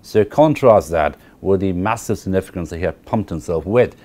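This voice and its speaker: A man's voice: low voice, expressive, normal speed, mellow. A man giving a university literature lecture. He explains at length, repeats key phrases and often checks with the class by asking "right?".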